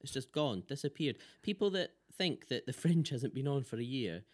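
A man's voice: mid-range voice, normal speed. Laughing Scottish man chatting as a podcast guest. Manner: laughs often, animated storytelling. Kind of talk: casual chat.

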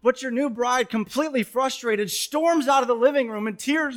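A man in his thirties preaches from a church stage in a fairly high voice. He tells stories with a joking touch and breaks into sudden loud bursts. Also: moderate pace, hardly any pauses. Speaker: pastor. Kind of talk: sermon with storytelling. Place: church stage before a congregation.

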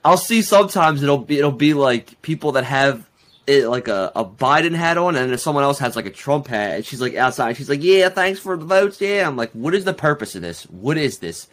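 Bemused young man with lively pitch. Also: brisk. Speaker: podcast co-host. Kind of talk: casual podcast chat.

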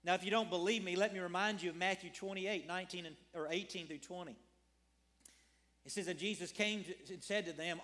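High-voiced man preaching a sermon. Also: steady tone, brisk, fairly bright tone. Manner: earnest preaching with repetition and rhetorical questions. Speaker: pastor.

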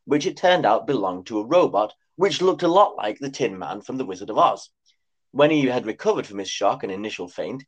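A man reading his own comic story aloud with dry, wry asides. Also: medium pitch. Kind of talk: comic scripted narration.

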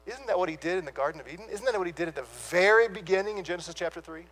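Preacher, male, high voice; pauses hard on key words, questions the congregation. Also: fairly bright tone. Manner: asks the listeners rhetorical questions; dramatic pauses on key words, then rushes on. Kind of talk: sermon.

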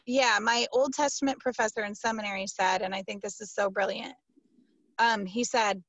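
A woman pastor answering interview questions, telling a story in an animated, emphatic, casual way with many fillers. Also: medium pitch, normal speed, no echo, muffled recording.

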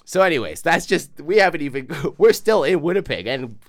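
A man, co-hosting a comedy podcast and telling a story in a casual, profane, animated way. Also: a little high, fairly quick, no echo, clean studio sound. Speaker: podcast co-host.

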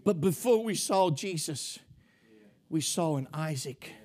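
A man preaching a sermon with fervor, often rising into shouts and peppering his speech with "uh". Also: fairly high pitch, expressive, unhurried. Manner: fervent, swelling into shouts, many "uh" fillers.

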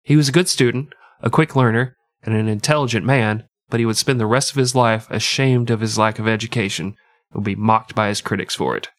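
A man's voice: on the low side, fairly quick, no echo. A man with a nasal voice co-hosting a podcast, telling history as crude, irreverent comedy. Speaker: podcast co-host. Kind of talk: comic history storytelling.

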